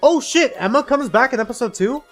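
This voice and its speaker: A male gaming streamer talks casually over his game, rambling and musing with a lively, up-and-down pitch. Soft game music plays faintly behind him. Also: a little fast. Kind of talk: casual live gameplay commentary.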